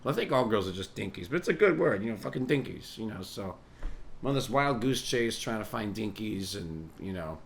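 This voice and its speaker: A man's voice: on the low side, animated, fairly quick, gravelly, a little hiss or hum. A man hosting a podcast, telling a rambling comedic monologue full of swearing and chuckling asides. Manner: profane, meandering, chuckling asides. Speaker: podcast host and musician.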